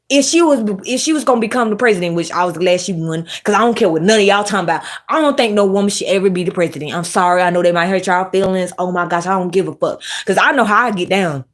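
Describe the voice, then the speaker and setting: Blunt, profane woman ranting on camera. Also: mid-range voice. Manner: blunt, profane, animated rant; reads live chat and scolds viewers. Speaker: commentary vlogger. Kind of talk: casual opinionated commentary.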